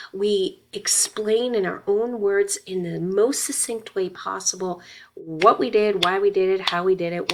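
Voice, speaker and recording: A woman's voice: medium pitch, slight background noise. A middle-aged woman, a college instructor, giving a conversational recorded lecture with personal stories and frequent tag questions.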